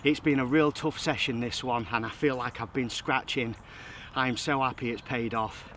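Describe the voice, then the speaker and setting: A man's voice: medium pitch, fairly even intonation, normal speed, a bit bright, slight background noise. A man, out of breath and elated, chatting to camera outdoors by a lake about his catch. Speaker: carp angler vlogger. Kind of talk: excited fishing vlog.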